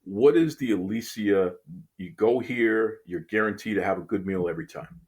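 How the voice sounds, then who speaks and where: A man's voice: on the low side, moderate pace, darkish tone, husky. A man from Boston hosting a casual interview, teasing his guest playfully and often repeating words as he starts a sentence. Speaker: podcast host.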